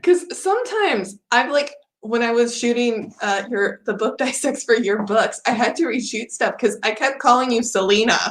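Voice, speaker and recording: A woman's voice: a little high, expressive, moderate pace, hardly any pauses, echoey room. A woman from the United States hosting a livestream chat, friendly, laughing often as she tells anecdotes. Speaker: host.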